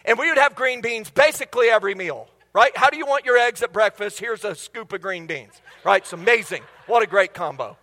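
Middle-aged male pastor, very high and sharp, humorous storyteller, church hall reverb. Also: animated, fairly quick, few pauses. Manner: humorous storytelling, quizzing the congregation. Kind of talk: sermon. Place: church sanctuary. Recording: long reverb of a large hall.

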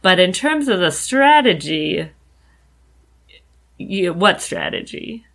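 Gravelly bright-voiced woman, wry co-host. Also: lowish voice, big pitch swings, slow pace. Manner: wry, dry humor, thinking aloud with fillers. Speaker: podcast co-host. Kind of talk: casual podcast chat.

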